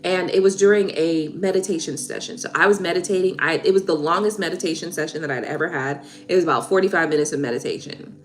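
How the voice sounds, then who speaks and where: A woman's voice: on the low side, quick pace, hardly any pauses. Emotional chatty woman tarot reader. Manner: emotional, tearful, chatty with viewers. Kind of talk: casual live-stream chat.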